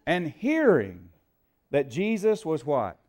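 An older man preaching a sermon to a church congregation, asking the crowd questions and building to loud shouts. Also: on the high side, wildly swooping pitch, takes it slowly. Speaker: pastor. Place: church sanctuary.

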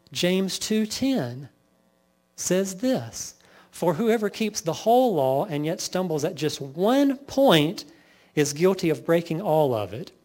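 A man preaching a sermon, firing off lists and rhetorical questions to his congregation. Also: high-pitched. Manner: lively preaching, lists sins in rapid bursts, rhetorical questions. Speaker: pastor.

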